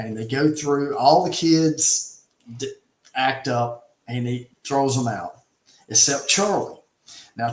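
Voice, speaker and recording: Man, middle pitch, emphatic storyteller with lots of restarts, casual chat, echoey room sound. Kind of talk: casual conversation, retelling a film.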